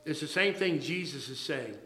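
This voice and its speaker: A man in the pulpit delivering a sermon with a bright, forceful voice that sits a little high. He stumbles and repeats words as he builds toward each point, and the church room around him rings with echo. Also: lively intonation. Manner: halting, repeats and restarts words, emphatic preaching. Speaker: pastor.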